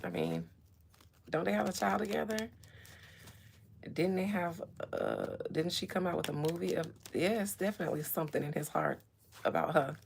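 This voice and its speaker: A woman's voice: lowish voice, big pitch swings, moderate pace, vocal fry, pauses often, slight background noise. A woman hosting a podcast in casual chat, playful and given to laughing and fanciful tangents. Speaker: podcast host.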